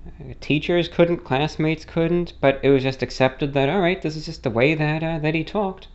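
His voice sits a little high, with fairly even intonation and a moderate pace, though the audio is dull. He's an American host whose accent is slightly non-rhotic, almost British in its lilt, and he responds to a listener question with a rambling monologue full of self-corrections.

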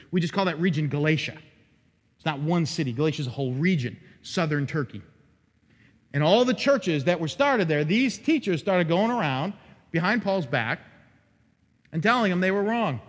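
A man preaching an expository sermon as pastor, animated and dramatic, acting out quoted lines with sudden rises in his voice. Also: a little high, breathy edge. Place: church sanctuary. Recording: long hall reverb.

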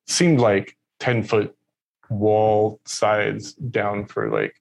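A man's voice: on the low side, steady tone, very slow, gravelly, darkish tone, slight background noise. Man swearing through a rambling story. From Texas. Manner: rambling, profane, many fillers. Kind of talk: casual storytelling in conversation.

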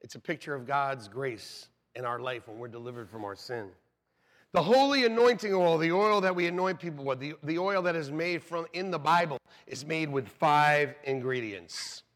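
Preaching at normal speed in a somewhat high voice, this pastor entertains his congregation in the church sanctuary. He jokes with them and tells animated stories, acting out the voices.

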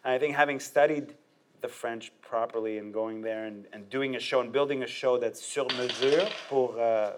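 A male comedian chatting through an interview at an ordinary mid pitch. He talks in lively bursts, laughs a lot and throws in quick asides. His voice sits squarely in the everyday male range. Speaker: stand-up comedian, interview guest. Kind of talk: casual interview talk.

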